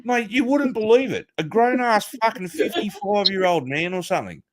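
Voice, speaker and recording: A man's voice: high-pitched, expressive, normal speed. A man telling a crude, profanity-heavy story in casual chat, laughing along as he goes. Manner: crude, swears a lot, laughs while telling. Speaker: podcast host telling a story.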